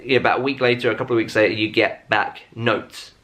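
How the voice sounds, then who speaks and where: A man's voice: lowish voice, steady tone, fast talker, fairly bright tone. A man in his thirties chatting to camera at home, rambling and self-mocking with lots of fillers. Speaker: vlogger. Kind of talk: casual chat to camera.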